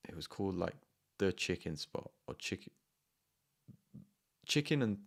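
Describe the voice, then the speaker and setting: A man's voice: sits low, sing-song, measured pace, vocal fry, fairly bright tone. A young man casually telling a rambling story to his viewers, often laughing. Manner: rambling, laughing, acts out his own raised voice in quotes. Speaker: music producer and channel host.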